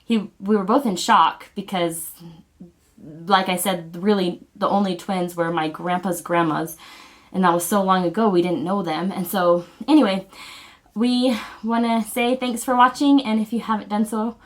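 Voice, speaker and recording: A woman vlogger speaking in an earnest, heartfelt, halting way as she shares personal family news straight to camera. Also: mid-range voice, steady tone. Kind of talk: personal video announcement.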